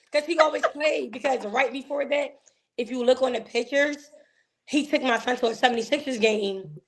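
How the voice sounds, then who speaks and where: A woman, a guest telling an emotional personal story in an animated way, acting out the voices she quotes. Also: sits high, moderate pace, gravelly.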